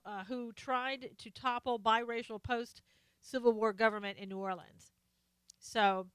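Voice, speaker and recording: A woman's voice: medium pitch, a bit bright, clean tone, dry recording. Chatty woman hosting a live stream. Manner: chatty, greets viewers by name, reads comments aloud; trails off with fillers and laughs. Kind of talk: casual live-stream chat.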